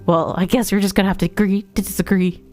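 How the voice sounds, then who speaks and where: A woman's voice: mid-range voice, fairly even intonation, fast talker, darkish tone, soft background music, close to an everyday voice. A woman voicing a fussy, anxious game critter who guards tiny shells, reading its lines in a prickly, defensive way. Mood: fretful. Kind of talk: reading game dialogue aloud.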